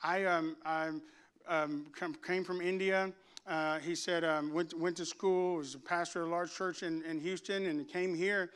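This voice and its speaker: A middle-aged man preaching a sermon from the pulpit, his voice high for a man and smooth and resonant. He mixes relaxed, joking stories with bursts of loud, fervent preaching to a congregation in the sanctuary. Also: unhurried. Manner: rising to loud, fervent preaching with humorous asides. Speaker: pastor. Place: church sanctuary before a congregation.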